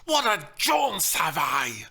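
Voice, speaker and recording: A man's voice: sits high, big pitch swings, slow, pushed and bright, voice pushed up, exaggerated voice. A man doing a timid young woman with a fierce streak. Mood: vicious. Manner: snapping and growling, then meek. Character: timid young woman turning ferocious as a nurse.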